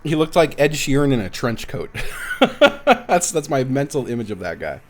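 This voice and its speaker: Man, live-stream gamer, lively up-and-down voice, laughs a lot, faint music underneath. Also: mid-range voice, fairly quick. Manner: animated storytelling with frequent laughs. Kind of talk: casual live-stream chat while gaming.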